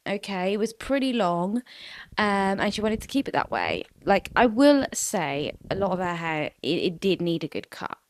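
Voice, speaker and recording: A woman's voice: mid-range voice, very animated, normal speed. A woman in her twenties hosting a podcast solo, telling a story in a chatty, sweary way full of "like" fillers. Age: 20s. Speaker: podcast host. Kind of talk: casual solo podcast chat.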